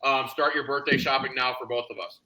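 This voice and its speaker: A man's voice: mid-range voice, fairly even intonation, a little fast, pushed and bright, low-quality recording. A man hosting an online company Q&A, introducing his team with upbeat, joking remarks over a video call. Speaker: webinar host. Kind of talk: casual online meeting.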